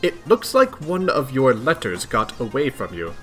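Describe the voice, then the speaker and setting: Man doing a calm, formal alien lady. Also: medium pitch, soft background music. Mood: composed. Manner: measured, formal, dry. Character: calm, poised, stylish young female alien. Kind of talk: reading a webcomic aloud.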